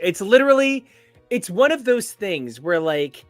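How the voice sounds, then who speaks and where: A man's voice: high-pitched, big pitch swings, measured pace, no echo, faint music behind. A man co-hosting a comic book podcast, talking in a playful, theatrical and florid way. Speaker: podcast co-host. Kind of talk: casual comic book chat.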